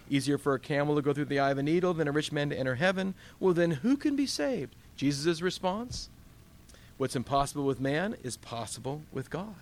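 A man's voice: medium pitch, a little hiss or hum. A man leading a Bible study in a conversational teaching style. He asks the group questions and acts out his own inner dialogue.

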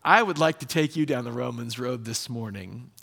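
A man preaching a sermon as pastor, in a lively, conversational way with quick bursts. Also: medium pitch, creaky, slightly rough.

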